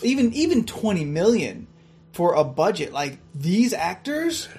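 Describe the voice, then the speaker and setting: A man's voice: high-pitched, sing-song, measured pace, darkish tone, faint music behind. A man in casual movie chat, making wry, profane jokes.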